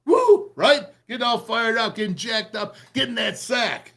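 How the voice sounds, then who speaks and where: Middle-aged guy with a highish voice hyped up going over game tape, kinda rambly. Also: moderate pace, creaky. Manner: excitable, rambling, pumped up. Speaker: radio show host breaking down game film. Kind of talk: film breakdown commentary.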